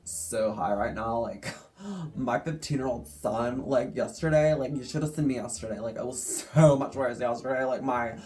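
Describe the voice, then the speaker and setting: A boy imitating a loud, drunk, giggling middle-aged woman who rambles and fills every phrase with "like.". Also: medium pitch, normal speed, a little hiss or hum, lightly acted. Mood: giddy drunk. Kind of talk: comic impression in a vlog story.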